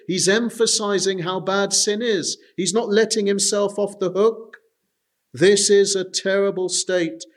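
Earnest preacher, man, higher voice. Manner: earnest, repeatedly addresses "dear friends"; frequent "uh" hesitations. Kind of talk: sermon.

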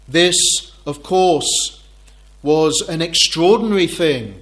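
A man preaching through a passage of scripture at an unhurried, deliberate pace. His voice sits slightly high for a man, and he keeps posing rhetorical questions to his listeners. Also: a bit bright. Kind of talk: expository sermon.

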